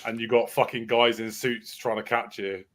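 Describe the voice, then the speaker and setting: Man, mid-pitched voice, swearing, cackling podcast banter. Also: flat delivery, normal speed, a bit bright. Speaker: podcast co-host. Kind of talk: casual banter.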